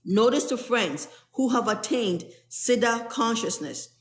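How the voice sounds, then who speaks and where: Expressive and slightly high, this woman's voice moves a little slowly as she reads from a spiritual text for an online group. She is a spiritual teacher who explains each passage in earnest, plain language, and there's a roomy echo in the recording.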